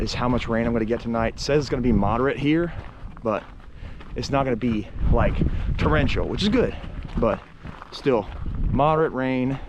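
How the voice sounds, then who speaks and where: A man vlogging casually outdoors near railroad tracks, rambling with many fillers and sometimes dropping to a hush. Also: mid-range voice, noisy background. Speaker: urban explorer vlogger. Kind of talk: casual vlog narration.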